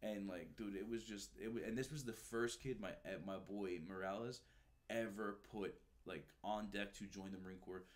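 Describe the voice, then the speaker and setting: A man telling stories from his time as a recruiter in a relaxed, animated way, peppered with slang and swearing. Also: fairly low pitch, normal speed. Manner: animated, swears freely, says "dude" and "bro" often. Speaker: guest, former Marine recruiter. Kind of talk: casual storytelling.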